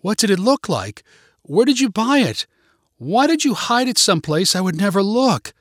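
A man doing a shrill upset young woman. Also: sing-song, moderate pace, no room sound, studio quality. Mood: pleading, upset. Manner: high-pitched, insistent.

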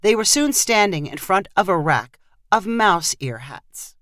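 A woman narrating a short story in a measured, even read. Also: medium pitch, no room sound, clean studio sound. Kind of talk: scripted narration.

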